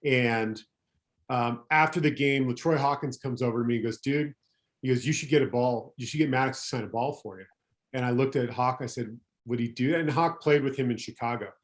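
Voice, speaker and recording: A middle-aged man, a former pro pitcher, telling anecdotes as a podcast guest in a rambling way, correcting himself as he goes. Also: a little fast. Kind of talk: casual storytelling chat.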